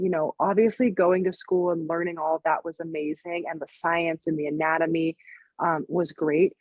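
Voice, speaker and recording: Chatty woman with a lowish voice. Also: darkish tone, dry recording. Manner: chatty, lots of "like" and "you know", quick laughs. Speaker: guest, fitness coach and business owner. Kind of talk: casual podcast conversation.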